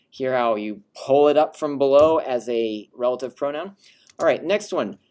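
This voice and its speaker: A man's voice: medium pitch, a little slow, a little mellow. A man teaching Latin in a recorded lecture, patiently explaining and demonstrating rising and falling intonation on example phrases.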